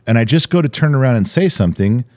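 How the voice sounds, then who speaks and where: A man's voice: mid-range voice, expressive, quick pace, darkish tone. An older man co-hosting a podcast in casual chat, ranting and swearing freely. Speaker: podcast co-host.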